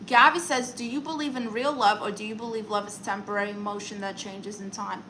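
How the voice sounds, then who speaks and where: A woman's voice: medium pitch, fairly even intonation, brisk, background noise. A woman hosting a comedic live stream, chatting with viewers and reading their comments aloud in a playful, mock-serious way. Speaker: comedic livestream host.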